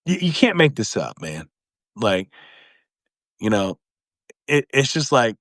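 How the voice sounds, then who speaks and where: Slow and full of long pauses, his mid-range voice comes through dry and at studio quality. The livestream host chuckles his way through political talk at home, lively and casual, doing mocking impressions of other people.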